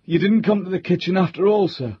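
A man's voice: high-pitched, brisk, husky, no echo, dull audio, pitched above the performer's own voice. A man doing a fretful old butler. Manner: raised, fretful old man's voice in country dialect. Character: old male butler, rustic, superstitious, anxious.

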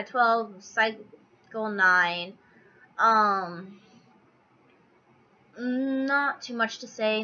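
A woman's voice: on the high side, bright, forceful tone, muffled recording. A young woman venting in a casual vlog, stressed out, flustered and apologetic, full of ums and restarts. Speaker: vlogger tracking fertility. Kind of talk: casual rambling vlog rant.

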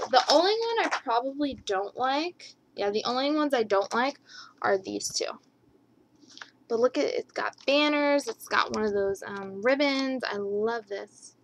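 Gushing, chatty woman with a high voice. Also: background noise. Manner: gushing, repeats her enthusiasm ("love, love, love"); chatty, rambling asides. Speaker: scrapbooking haul vlogger. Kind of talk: casual show-and-tell haul video.

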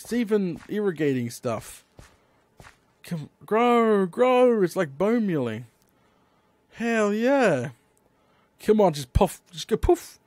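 A young man, chatting excitedly to himself while he plays a building game as the host of his channel. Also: mid-range voice. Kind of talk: Minecraft let's play commentary.

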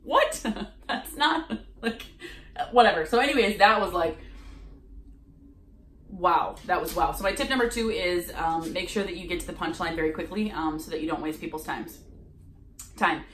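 A woman vlogging from her home office, telling a sales story in a lively way and acting out the people she quotes. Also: on the low side, moderate pace, pauses often, roomy sound, a little hiss or hum. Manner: animated, acts out quoted lines. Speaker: sales coach. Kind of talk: casual storytelling vlog.

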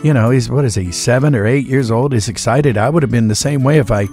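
A man in his sixties, a voice actor, talking in a relaxed, folksy way in an interview and telling anecdotes with the odd acted-out voice. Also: mid-range voice, quick pace, soft background music. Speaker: voice actor guest.

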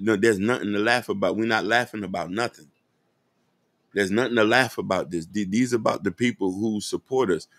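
A man with a low, gravelly voice delivers an impassioned podcast commentary. He is earnest and direct and keeps calling out to his listeners. The sound is close and dry. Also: dry recording. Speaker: podcast host.

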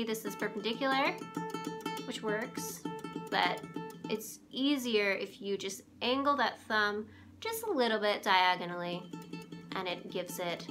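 A young woman giving a relaxed, chatty ukulele lesson, often pausing to search for words. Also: mid-range voice. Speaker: ukulele teacher. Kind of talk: casual instrument tutorial. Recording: clear ukulele playing behind the voice.

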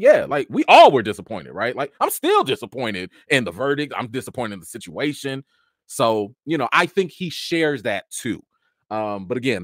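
A man casually telling stories from an awards show, chatty with many fillers, jumping into a high excited voice when acting out his encounters. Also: no room sound, clean studio sound. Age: adult with a child. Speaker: vlogger recounting an awards show. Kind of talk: casual storytelling chat.

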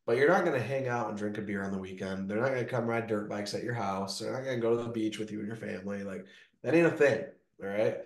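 A man's voice: medium pitch, roomy sound. A man who owns a gutter business, telling stories in a casual interview, peppering his talk with "like" and "right?". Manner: energetic storytelling, frequent "like" and "right?". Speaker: gutter business owner, guest.

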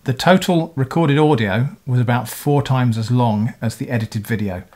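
A man's voice: mid-range voice, moderate pace, darkish tone. Thoughtful middle-aged man rambling. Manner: thoughtful, rambling, with frequent self-corrections. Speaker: video creator answering comments. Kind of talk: casual talk to camera.

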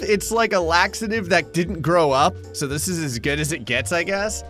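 Guy doing funny game commentary, kinda high voice, faint music behind, yelps when stuff happens. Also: moderate pace, a bit bright. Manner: wry, joking asides with sudden high-pitched outbursts. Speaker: gaming channel host. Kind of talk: comedic gameplay commentary.

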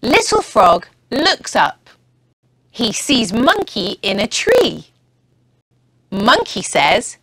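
Teacher reading storybook aloud for young learners, very slow, bright, a bit husky, close dry mic. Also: female voice, fairly high pitch, wildly swooping pitch. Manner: slow, clearly paced reading. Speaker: English teacher.

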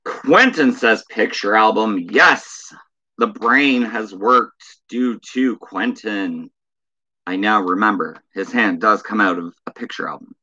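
A man hosting a casual live stream, reading viewer chat messages aloud in a flat drawl. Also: on the low side, slow pace, slightly rough, highs cut off.

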